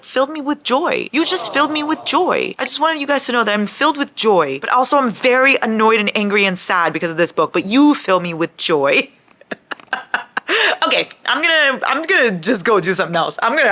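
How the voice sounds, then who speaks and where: A young adult woman chatting casually in a book vlog. She gushes and swears freely, and her talk is excitable. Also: mid-range voice. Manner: excitable, gushing, swears a lot. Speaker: book vlogger. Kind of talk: casual reading vlog chat.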